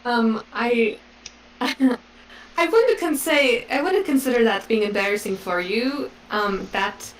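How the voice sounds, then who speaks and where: A woman's voice: on the high side, slow. Sassy woman player, far from the mic. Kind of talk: in-character role-play.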